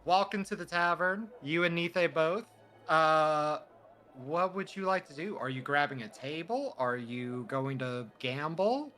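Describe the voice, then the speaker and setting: Bright-voiced man running a tabletop game. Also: fairly high pitch, measured pace, soft background music. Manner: chatty and animated, with many fillers. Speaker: dungeon master.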